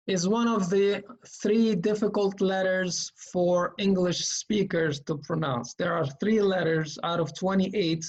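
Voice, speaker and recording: A man teaching Quran reading at a slow, unhurried pace. He explains patiently and repeats each sound, with plenty of fillers along the way. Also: on the high side, lo-fi sound.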